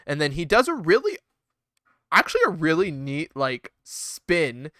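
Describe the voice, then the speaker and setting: Animated, cursing podcast co-host man. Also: on the high side, measured pace, dry recording, studio quality. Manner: animated, profane, laughs often, acts out wrestlers' lines. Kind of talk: casual podcast chat.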